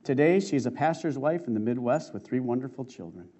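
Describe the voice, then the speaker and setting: A man preaching a sermon, reading a testimony aloud in an earnest, emotive way with slow dramatic stresses. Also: mid-range voice, animated, warm tone. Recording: muffled lo-fi recording.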